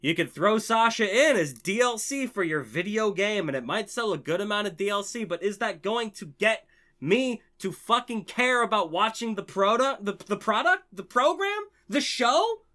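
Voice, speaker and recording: A profane man rants on his channel with a bright, cutting edge to his voice. His pitch leaps around as he swings from dry sarcasm to shouting excitement. He sounds heated and fully invested. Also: normal speed. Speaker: channel host. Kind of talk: impassioned ranting vlog.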